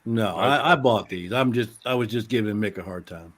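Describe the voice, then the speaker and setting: A man's voice: lowish voice, normal speed. A man in a casual livestream chat, giggly and playful as he jokes with the others.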